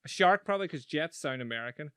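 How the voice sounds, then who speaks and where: A man's voice: a little high, animated, quick pace, fairly bright tone, clean tone, no echo, clean studio sound. A Northern Irish man as a podcast guest, playful and self-mocking as he tells an anecdote. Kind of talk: casual chat.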